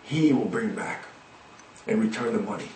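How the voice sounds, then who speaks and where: A man gives voice to a calm, authoritative deity who speaks in a firm, measured way. The voice sits near his own. It is echoey and heard from far away. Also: fairly low pitch, slight background noise, pitched below the performer's own voice, close to an everyday voice.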